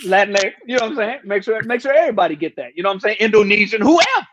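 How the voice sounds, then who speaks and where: A man's voice: high-pitched, expressive, very fast, muffled recording, a loud crowd. A man telling stories casually on a live talk stream, slangy and laid-back, acting out the people he quotes. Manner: laid-back slangy storytelling, acts out voices. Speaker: comedian guest. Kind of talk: casual storytelling chat.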